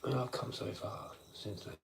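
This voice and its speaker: A man's voice: normal speed, a little hiss or hum, low-quality recording. A young man ranting on a livestream, swearing a lot and circling through frustrated philosophical thoughts. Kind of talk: rambling late-night livestream rant.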